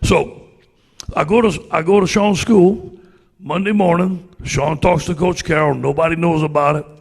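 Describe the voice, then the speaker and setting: Gravelly Cajun man telling stories. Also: fairly high pitch, normal speed, big-room sound. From Louisiana. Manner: folksy, animated anecdotes with acted-out quotes. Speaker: guest speaker, football coach. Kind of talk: storytelling speech to a club audience.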